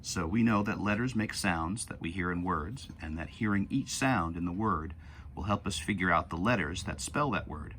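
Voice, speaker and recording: A man with a low voice leads a phonics lesson for young children. He talks patiently and stretches words out slowly to sound out each letter, with faint noise in the background. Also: a bit bright. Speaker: teacher.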